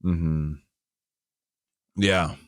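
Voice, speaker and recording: A middle-aged man in casual podcast chat, wandering off on self-deprecating tangents. His voice sits very low and comes across smooth and resonant. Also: fairly even intonation, drawn-out words, no room sound, studio quality. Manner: rambling, self-deprecating, reads survey questions aloud. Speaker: podcast co-host.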